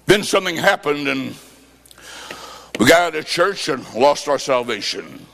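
A man preaching a sermon, telling a story with sudden shouts and sing-song phrases. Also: a little high, expressive, measured pace, gravelly, long pauses. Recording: long reverb of a large hall.

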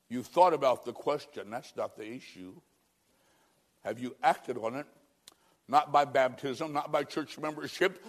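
An older man preaches in a church service with a somewhat high voice. He pleads urgently, swinging between loud outbursts and hushed near-whispers. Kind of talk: sermon testimony.

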